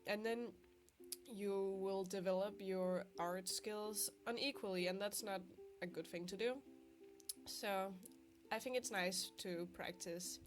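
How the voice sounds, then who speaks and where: A young woman talks through her drawing in a sick, stuffy voice, chatty and quick to laugh at her own struggles. Her pitch sits in an ordinary middle range. Soft guitar plays faintly behind her. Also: steady tone. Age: young adult. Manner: chatty, self-deprecating, laughs often. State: sick, congested voice. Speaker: art vlogger. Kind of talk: casual voice-over while drawing. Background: soft guitar music.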